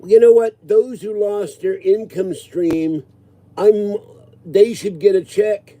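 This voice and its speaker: A man's voice: high voice, fairly even intonation, takes it slowly, mellow. A man in his sixties ranting casually to his viewers, agitated and rambling. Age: 60s. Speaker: livestreamer answering viewers.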